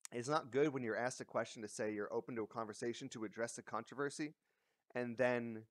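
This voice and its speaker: A commentary vlogger who lives in a big coastal city rants bluntly and casually, mocking his targets and swearing freely. His medium-pitched voice is somewhat bright, and the recording is dry.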